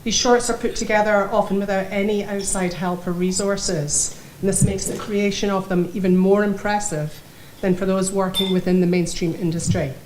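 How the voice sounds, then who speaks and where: A Scottish woman gives a keynote speech at a dinner, chatty and easygoing with small laughs. Her voice sits at a middle pitch and echoes around a roomy hall, with faint noise underneath. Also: fairly even intonation, moderate pace, a little mellow. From Scotland. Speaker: keynote speaker. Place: banquet hall.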